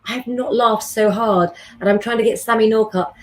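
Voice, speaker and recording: A woman's voice: fairly high pitch, fairly even intonation, brisk. A woman, hosting a live astrology stream and chatting with viewers in a rambling way. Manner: warm, chatty, rambling, gives readings to viewers by name.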